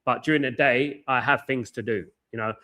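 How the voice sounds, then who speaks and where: A married man from hosting a football watchalong, talking fast and passionately, with lots of repetition and shout-outs to chat. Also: mid-range voice. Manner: excitable, buzzing, repeats phrases, reads chat aloud. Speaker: watchalong host. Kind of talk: casual live-stream chat. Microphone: headphones with mic.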